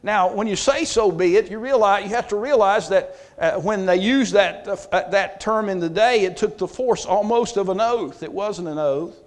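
A man's voice: high voice, moderate pace, hardly any pauses. A pastor teaching a Bible study sermon, restarting his phrases and building force on key points.

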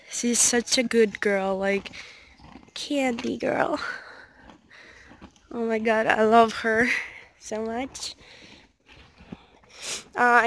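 Slow, gushing teenage girl vlogging. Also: fairly high pitch. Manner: gushing, repeats herself, halting. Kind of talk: casual excited vlog. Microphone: phone.

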